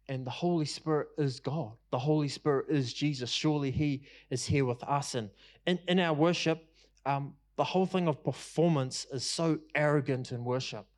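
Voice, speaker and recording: A man preaching a passionate sermon, repeating his lines for emphasis and using casual fillers. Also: medium pitch. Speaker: pastor.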